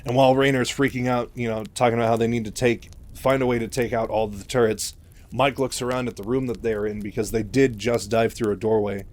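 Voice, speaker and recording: A man's voice: medium pitch, steady tone, fairly quick, darkish tone. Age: adult. Sex: man. Style: casual, chatty storytelling. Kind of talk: casual retelling of a novel.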